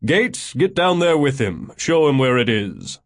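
A man doing a brisk, commanding boss. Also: medium pitch, very animated, voice pushed up. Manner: brisk, giving orders.

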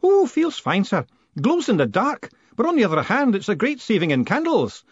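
A man voicing an excitable, flustered elderly postman in a high, yelping voice, read in a dry, slightly muffled recording. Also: normal speed, slightly rough, no room sound, full character voice. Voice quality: high, breathless squeaky pitch. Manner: yelping, urgent, fussing.

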